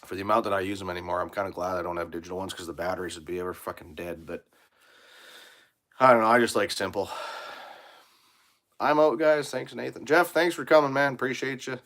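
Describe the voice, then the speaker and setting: A man's voice: low voice, fairly even intonation, fast talker, pauses often, fairly bright tone. A man, a mechanic in his workshop, chatting casually on a live stream, reading viewer comments aloud and swearing freely as he rambles about tools. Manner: blunt, swears freely, rambling shop talk. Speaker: mechanic livestreaming from his shop.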